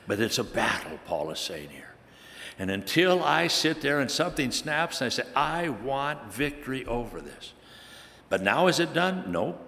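A man's voice: medium pitch, gravelly, bright, forceful tone, big-room sound. A man preaching a sermon, telling a personal story with animation and building to emphatic preaching. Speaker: pastor.

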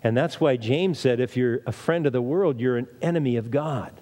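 A man's voice: medium pitch, moderate pace, dark tone. A man preaching a sermon in an emphatic way, repeating phrases and asking rhetorical questions. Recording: long reverb of a large hall.

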